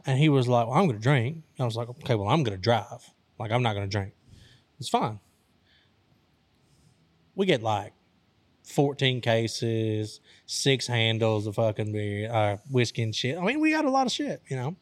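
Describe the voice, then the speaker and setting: A man's voice: medium pitch, sing-song, moderate pace, no echo. A young man from Arkansas telling a wild story in casual talk, profane and laughing as he goes. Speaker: storyteller host.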